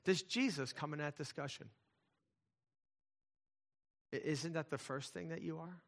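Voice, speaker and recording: A man preaching a sermon in a conversational way, dropping to quiet asides and rising to loud, emphatic points. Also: a little high, measured pace. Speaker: pastor.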